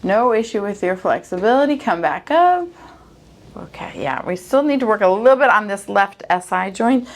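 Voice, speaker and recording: A woman chiropractor coaching a patient through an exam, upbeat and giving calm step-by-step directions. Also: mid-range voice, moderate pace.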